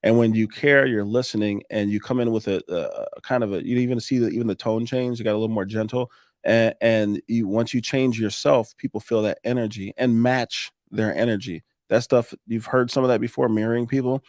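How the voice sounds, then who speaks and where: Animated man coaching on sales. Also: lowish voice, brisk, no room sound, clean studio sound. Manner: animated, coaching, laughs often. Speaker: podcast guest, sales coach. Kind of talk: casual podcast conversation.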